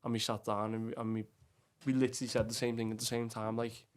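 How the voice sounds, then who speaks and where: A man's voice: fairly low pitch, level tone, fast talker. A young man with a Liverpool Scouse accent, talking as a podcast guest in a rambling, casual way with lots of fillers and swearing. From England. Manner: rambling, heavy with fillers and swearing, says "lad" often. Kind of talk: casual chat.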